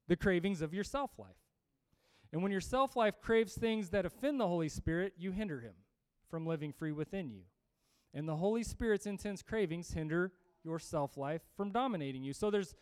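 Male preacher, high and clear voice, emphatic and lively sermon delivery, dry sound. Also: dry recording. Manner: energetic, emphatic, with restarts and humor.

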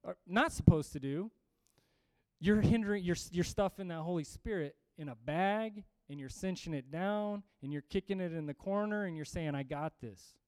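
A man preaching a sermon to a congregation, energetic and emphatic, reading scripture and often repeating himself. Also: high voice, normal speed, clean tone, dry recording. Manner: energetic, emphatic, with restarts and humor.

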